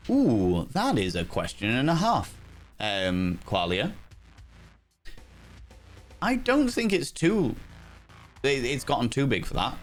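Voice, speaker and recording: A man livestreaming a game and chatting casually with his viewers, theatrical and profane, with playful jumps into a high voice. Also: huge pitch swings, measured pace, long pauses, soft background music. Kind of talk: casual live-stream chat with viewers.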